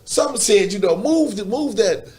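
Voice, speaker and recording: Animated high-voiced man telling stories. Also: normal speed, slightly rough. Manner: animated, profane, repeats words, laughs often. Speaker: podcast guest. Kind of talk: casual storytelling.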